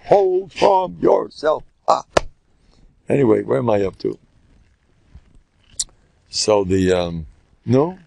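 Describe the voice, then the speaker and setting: A man's voice: medium pitch, dry recording. An older man, a rabbi, giving a Torah class in a storytelling style, jumping between stories and acting out the people he quotes. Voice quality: gravelly, husky. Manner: animated, acts out quoted speakers, jumps between stories.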